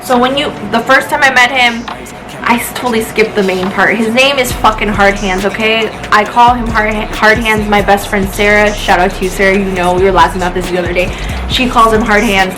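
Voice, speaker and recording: Speaking in a mid-range voice with fairly even intonation and a quick pace, this young vlogger is tipsy and high, swearing her way through a loose, rambling storytime. The audio quality is low, with music in the background.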